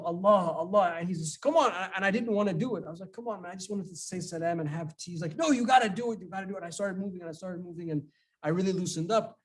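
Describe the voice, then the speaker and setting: A middle-aged man with a somewhat high voice, giving a relaxed question-and-answer talk as a religious scholar. He talks in a loose, conversational way and tells personal stories. He often stops and restarts his sentences. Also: rough recording. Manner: conversational, storytelling, with many restarts. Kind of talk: informal Q&A talk.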